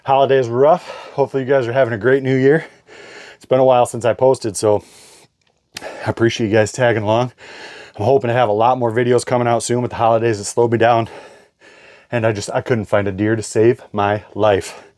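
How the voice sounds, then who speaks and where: A man's voice: medium pitch, level tone, a little fast, a little mellow, no room sound, clean studio sound. A man hosting a fishing vlog in casual, enthusiastic chat, a bit out of breath. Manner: enthusiastic, chatty. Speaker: fishing vlogger. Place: inside an ice fishing shelter.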